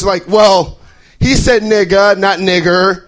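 A man's voice: sits high, measured pace, fairly bright tone, low-quality recording. A young adult man from Idaho performing a stand-up comedy set, bouncing into exaggerated character voices. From Boise, Idaho.

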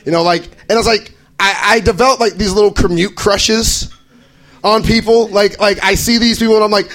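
A young man from Idaho works through a stand-up comedy set with a fairly high voice. He keeps bouncing into exaggerated character voices for the people in his stories, then drops back into his own plain delivery. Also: fairly even intonation, moderate pace, a bit bright, rough recording. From Boise, Idaho.

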